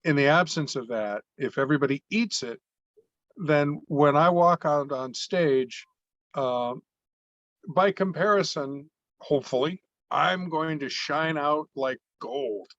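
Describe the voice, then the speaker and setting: A man who performs on stage, chatting thoughtfully and in a measured way on a group call with some fillers. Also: fairly high pitch, a bit bright, dry recording, lo-fi sound. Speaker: comedy performer and speaker. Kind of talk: casual group call chat.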